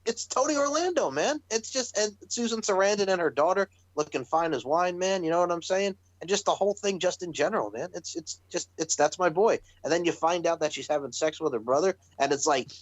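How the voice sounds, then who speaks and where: A man co-hosting a casual wrestling podcast, excitable, laughing and swearing as he talks. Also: high-pitched, brisk, few pauses, dry recording. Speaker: podcast co-host.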